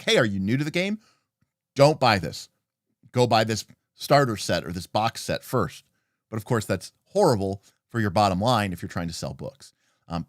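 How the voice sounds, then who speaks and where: A man's voice: mid-range voice, fairly bright tone, no echo, clean studio sound. A man hosting a livestream, casually looking over a tabletop game book and answering chat, thinking aloud with frequent fillers and restarts. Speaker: livestream host reviewing tabletop role-playing game books.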